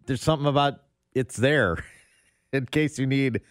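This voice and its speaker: A man's voice: mid-range voice, measured pace, no room sound, studio quality. A man with a Kansas City accent, co-hosting a radio show, chatty and agreeable and often laughing. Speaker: radio co-host. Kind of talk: casual radio banter. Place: radio studio.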